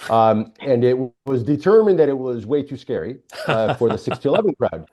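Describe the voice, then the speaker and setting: A man working as a film director, telling behind-the-scenes stories in a relaxed interview, with frequent hesitations. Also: medium pitch, moderate pace. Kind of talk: casual interview chat. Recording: dull lo-fi sound.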